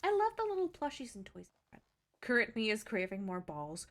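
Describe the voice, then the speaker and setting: A woman's voice: medium pitch, wildly swooping pitch, normal speed, fairly bright tone. A young woman streamer chatting casually, self-deprecating and swearing freely.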